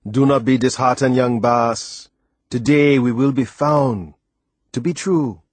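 A man's voice: mid-range voice, measured pace, no echo, close to an everyday voice. A man reading a storybook, voicing an old sailor from the with a lilting dialect and an earnest manner. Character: old West Indian sailor, calm, devoted.

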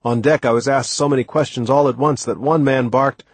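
A man reading an audiobook aloud in a steady, measured way. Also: mid-range voice, breathy edge, no echo. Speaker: audiobook narrator. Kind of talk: scripted narration.

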